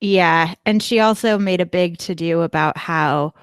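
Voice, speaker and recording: A woman's voice: lowish voice, a little slow, clean tone, no echo, studio quality. A young woman telling a rambling story casually on a comedy podcast, chatty and full of "like". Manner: chatty, rambling, upspeak-laden. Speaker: podcast guest.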